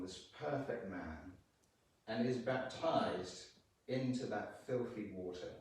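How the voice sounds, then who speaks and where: A man's voice: medium pitch, a little mellow, far from the mic. Man preaching in a very echoey church. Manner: earnest, with slow emphatic quotations and pauses. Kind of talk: lunchtime sermon.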